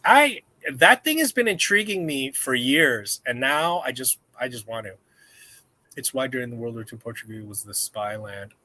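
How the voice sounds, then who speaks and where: A man's voice: mid-range voice, lively intonation, normal speed, pushed and bright, a little hiss or hum. A man hosting a casual live-stream chat, rambling and joking with viewers. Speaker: host.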